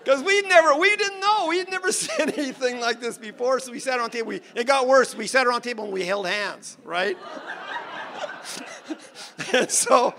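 Male preacher, high bright voice, lively storyteller, faint hiss behind. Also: fast, hardly any pauses. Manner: animated storyteller, laughs, drops soft for serious moments. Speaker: preacher telling his testimony. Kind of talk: sermon storytelling.

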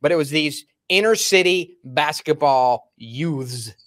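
A man hosts a casual interview podcast with a fairly high voice. He talks as an animated storyteller, often slipping into acted-out quotes. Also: slow pace. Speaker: podcast host.

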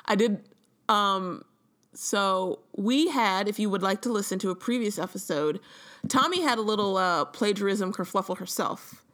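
A woman co-hosting a casual book podcast, her voice sitting at a comfortable middle pitch. She chats loosely, fills her sentences with "like" and laughs easily as she goes. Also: moderate pace, fairly bright tone. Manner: chatty, lots of "like", laughs often. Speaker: podcast co-host. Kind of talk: casual book-club chat.

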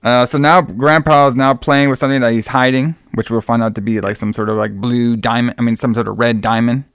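A man's voice: medium pitch, fairly even intonation, brisk, clean tone, dry recording, clean studio sound. A young man casually recapping a film plot, rambling and full of fillers. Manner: rambling, many fillers and restarts.

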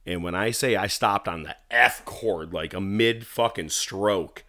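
A man telling a story in casual chat, animated and profane, acting out what people said. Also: sits low, normal speed, few pauses. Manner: animated, profane, acts out quotes. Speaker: guest musician telling a story.

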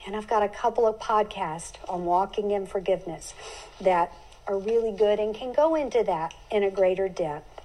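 A woman's voice: medium pitch, moderate pace, darkish tone, rough recording. A middle-aged woman hosting a Bible teaching podcast, speaking earnestly and heartfelt, with homey turns of phrase.

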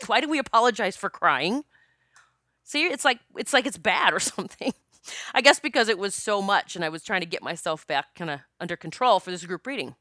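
A woman's voice: on the low side, dry recording. Chatty woman telling a story, dry sound. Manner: emotional, animated, swearing, frequent fillers. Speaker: psychic medium. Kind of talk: casual storytelling monologue.

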